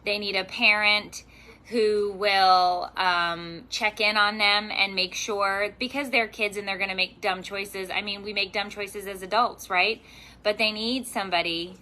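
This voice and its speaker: Bright-voiced chatty mom vlogger. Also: female voice, medium pitch, fairly even intonation, unhurried. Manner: chatty, talks to her dog, bursts of exclamation. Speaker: parenting vlogger. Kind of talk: casual vlog chat. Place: outdoors at home, yard.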